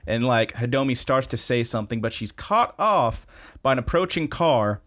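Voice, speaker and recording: A man co-hosting a podcast, recapping episodes in a casual, excited way and cursing freely. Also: medium pitch. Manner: profane, excited retelling with quoted voices. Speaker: podcast co-host. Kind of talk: casual anime recap chat.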